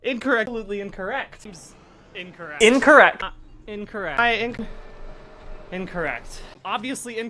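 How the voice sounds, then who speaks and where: A man heard in a rapid supercut of clipped single words, with a jumpy, animated delivery that swings between loud and soft. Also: high-pitched. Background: background music.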